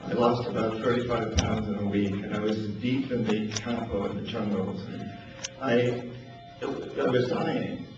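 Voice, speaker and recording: An older man from New Hampshire tells personal stories in a relaxed, anecdotal way, chuckling often and repeating words as he goes. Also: on the low side, a little slow, music in the background. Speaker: speaker telling stories. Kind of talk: storytelling talk. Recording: echoey distant lo-fi with noise.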